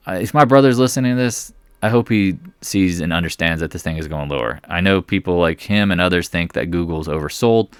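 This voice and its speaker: A man hosting a trading channel, giving casual market commentary in an excitable, jokey way with rambling asides. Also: low voice, clean tone, no room sound, studio quality.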